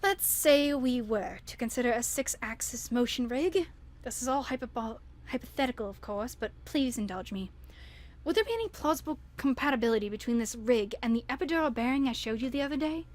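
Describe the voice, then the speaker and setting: A woman's voice: fairly high pitch, animated, a little fast, close to an everyday voice. A woman doing an accented scientist reading her letter. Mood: earnest. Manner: put-on accent, earnest and wondering.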